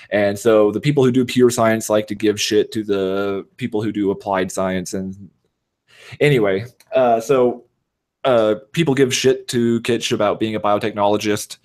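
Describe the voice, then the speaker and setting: Guy with a lowish voice just chatting on a podcast, rambly, lots of uh and um, makes fun of himself. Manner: rambling, self-deprecating, many fillers. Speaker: podcast guest. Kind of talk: casual chat.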